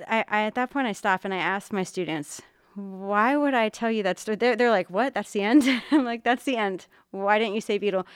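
A woman's voice: mid-range voice, clean tone, no room sound, clean studio sound. A middle-aged woman, a mother and art teacher, telling a long story in casual chat and acting out the voices she quotes. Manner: animated storyteller, acts out quotes.

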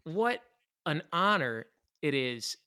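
Man, podcast co-host, casual and excitable, slightly higher voice. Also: takes it slowly, clear, resonant tone. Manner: enthusiastic, laughs often.

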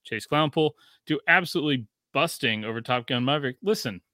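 Bright-voiced joking podcast host man. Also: mid-range voice, fairly quick, no room sound, clean studio sound. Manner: joking, profane, animated. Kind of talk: casual podcast chat, reading a listener review.

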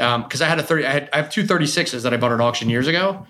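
A man's voice: medium pitch, racing, music in the background. A man who owns a bar and collects whiskey, chatting casually and telling rambling stories that trail off and restart. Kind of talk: casual chat.

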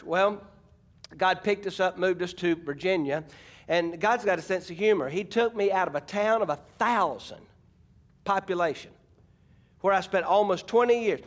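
A middle-aged man from Arkansas, preaching a folksy, emphatic sermon and calling out to his congregation. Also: high-pitched. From Arkansas, USA. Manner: folksy, emphatic preaching with audience call-outs. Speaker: pastor.

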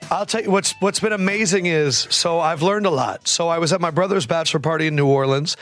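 A man hosting a sports podcast, chatting casually with hyped, slangy energy and quick bursts of talk. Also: fairly high pitch, a bit bright, faint music behind. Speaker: podcast host. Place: traveling abroad, remote.

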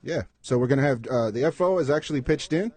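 A man casually announcing upcoming fan events on a podcast, relaxed and hesitant, with many ums and uhs. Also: medium pitch, fast talker, no echo. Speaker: supporters group announcer.

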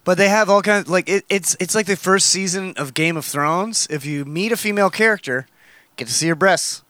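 A man's voice: high voice, brisk, bright, forceful tone, dry recording. A man co-hosting a casual, joking podcast chat, rambling and restarting his sentences. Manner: rambling, self-interrupting.

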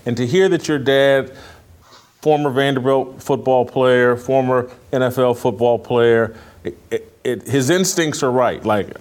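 A man hosting an interview, asking questions in an earnest, animated way. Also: medium pitch, unhurried. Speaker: podcast host. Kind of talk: conversational interview.

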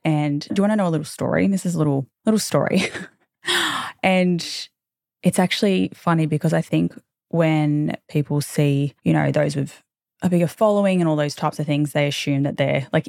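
A woman's voice: creaky, a little mellow, dry recording, studio quality. A woman in her thirties hosting a podcast, talking in a candid, chatty way with casual swearing and tangents. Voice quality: low, not girly voice. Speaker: podcast host. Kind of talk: casual chat.

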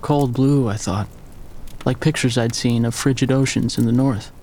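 Gravelly man narrating a story. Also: mid-range voice, steady tone, normal speed, mellow, a little hiss or hum. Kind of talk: scripted audiobook narration.

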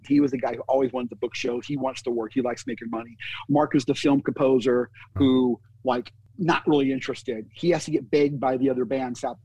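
A man with a slightly husky, breathy voice recounts his story with energy, jumping into the voices of the people in it. The sound is dry and close, with no room around him. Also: mid-range voice, no room sound, rough recording. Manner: animated anecdote teller, acts out quotes. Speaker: music booking agent. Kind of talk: storytelling interview.

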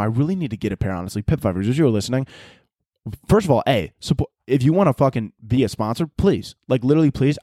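A young man hosting his own podcast, chatting loosely and swearing freely between frequent laughs. His voice sits at an ordinary pitch, and the recording is dry and close, with no room sound. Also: warm tone, dry recording. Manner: profane, rambling, laughs often. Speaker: podcast host. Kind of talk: casual solo podcast chat.

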